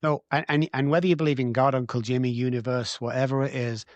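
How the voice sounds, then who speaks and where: A man's voice: mid-range voice, fairly even intonation, quick pace, dry recording, muffled recording. A middle-aged man from England, a guest on a podcast, telling his recovery story in a blunt, heartfelt way and swearing freely. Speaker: guest, addiction recovery doctor. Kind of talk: emotional storytelling in a podcast interview.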